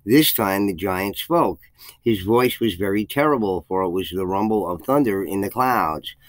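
A channel host with a low, animated voice reads a folk legend aloud at a moderate pace, using archaic phrasing and raising his voice for the quoted lines. He occasionally slips and restarts, and commentary follows the tale. The recording has no echo but is low in quality.

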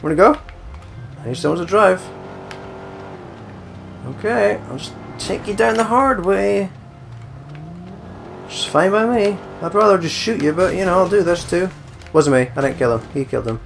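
A man's voice: sits high, expressive, moderate pace, vocal fry, long pauses, soft background music. A man giving casual, rambling gameplay commentary, swearing a lot and joking around. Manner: swearing, rambling, jokey, breaks into song. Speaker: let's play gamer.

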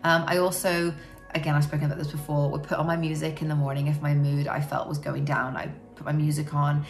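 A woman with a low voice talks fast in a level tone, with faint music behind her. Speaking frankly and reflectively to camera about her experience as a parent, she often says "you know."

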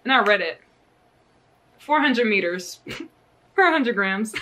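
In a casual yarn haul video, this young American knitting vlogger gushes and giggles with bubbly energy. Her mid-range voice has lively intonation and a fairly bright tone, moving slowly with long pauses.

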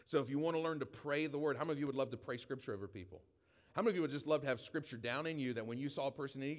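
A pastor preaching a conversational sermon to a live congregation, often asking the room questions. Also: male voice, mid-range voice. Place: church hall with live audience.

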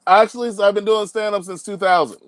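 A stand-up comedian in his thirties, from Liberia, who is animated and laughs through his punchlines. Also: high-pitched, quick pace, no echo. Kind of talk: stand-up set and interview. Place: studio in Los Angeles.

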